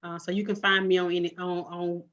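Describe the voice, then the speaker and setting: A woman's voice: on the low side, level tone, fairly quick, fairly bright tone. A woman guest speaking in a casual podcast chat, preaching in a rhythmic, repetitive cadence with many restarts. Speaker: guest author and blogger. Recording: dull lo-fi sound.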